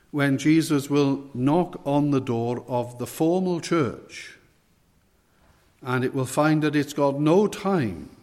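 A man's voice: a little high, in a large hall. A man preaching an evening sermon, earnestly putting direct questions to his listeners.

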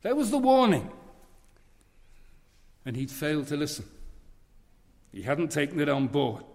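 A man's voice: fairly high pitch, very animated, measured pace, vocal fry, darkish tone. A man preaching a sermon in a church, earnest and leaning on repeated phrases. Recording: long reverb of a large hall.

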